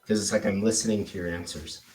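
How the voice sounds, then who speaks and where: A man's voice: on the low side, steady tone, fast, darkish tone, far from the mic, poor audio. Man coaching with emphatic, exaggerated inflections. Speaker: sales coach. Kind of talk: coaching a role-play drill.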